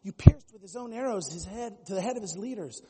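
A man preaching a sermon as pastor, animated and at times mimicking other voices. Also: high-pitched, fast talker, slightly rough, long reverb tail.

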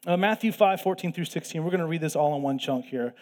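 A man's voice: a little high, fast, a little mellow. Emphatic male pastor preaching conversationally. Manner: conversational teaching, emphatic, many restarts. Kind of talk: sermon.

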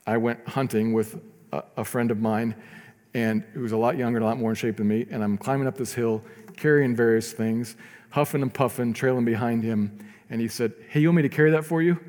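A male pastor preaching a sermon in a conversational way, swinging between quiet asides and loud emphatic stretches. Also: medium pitch, big-room sound.

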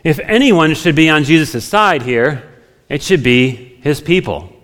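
A man's voice: a little high, animated, a little slow, fairly bright tone. Conversational male preacher in a reverberant hall. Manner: conversational, thinks aloud with homely examples. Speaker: pastor. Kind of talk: expository sermon.

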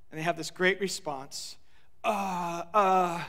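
A man preaching a sermon as pastor, animated, acting out quoted lines and asking the listeners rhetorical questions. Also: high-pitched, takes it slowly, in a large hall.

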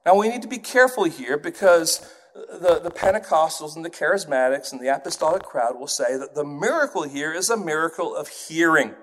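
Male preacher raised in England, higher-pitched voice, lively sermon delivery with playful put-on accents. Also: fairly quick. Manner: animated, puts on accents to illustrate points.

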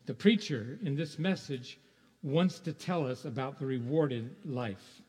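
This pastor speaks at a measured pace with a medium-pitched, darkish voice. His sermon is conversational, sprinkled with rhetorical questions and the odd chuckle, and it echoes with long hall reverb in the church sanctuary.

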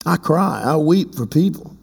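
A man preaching a sermon as bishop of his church, talking conversationally and breaking into loud emphatic bursts. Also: a little high, lively intonation, measured pace, gravelly, breathy edge. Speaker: bishop and pastor. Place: church sanctuary. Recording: long reverb in a large hall.

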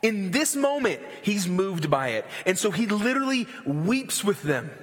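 A man preaching a sermon in a loose, animated way with slangy asides. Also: high-pitched, measured pace, long reverb tail. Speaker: pastor.

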